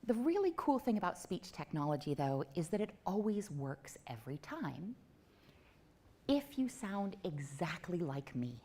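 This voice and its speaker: Playful woman speaker at a tech meetup, lowish voice that swings widely, self-mocking asides. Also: sing-song, measured pace, mellow, husky. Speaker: conference speaker. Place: event venue before a live audience.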